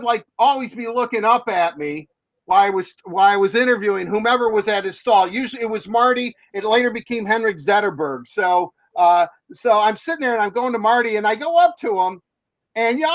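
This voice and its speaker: A man's voice: very high voice, fairly bright tone, no echo, dull audio. A man, a sports reporter, telling a long story in a rambling way with many fillers and restarts. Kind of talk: casual storytelling.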